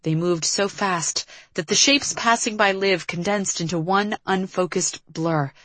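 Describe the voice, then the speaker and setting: Woman reading an audiobook, lowish voice, dry close sound. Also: unhurried, fairly bright tone, no room sound. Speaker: audiobook narrator. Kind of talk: scripted narration.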